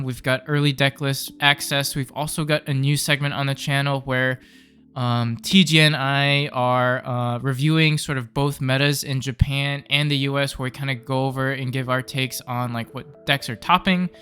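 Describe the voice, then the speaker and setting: A man's voice: medium pitch, fairly bright tone, smooth. A man hosting a card game channel, upbeat and chatty as he opens the match commentary. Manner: upbeat, chatty, laughs easily. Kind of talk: casual match commentary intro.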